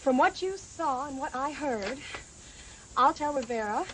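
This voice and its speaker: An actress playing a horse owner in a TV drama, teasing and wry. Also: female voice, high voice, lively intonation, measured pace, fairly bright tone, slight background noise, poor audio. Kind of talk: 1980s TV drama acting.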